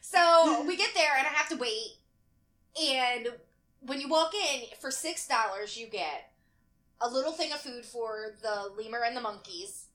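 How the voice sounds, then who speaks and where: A woman casually telling animated stories in a chat, laughing often and swearing freely. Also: fairly high pitch, measured pace.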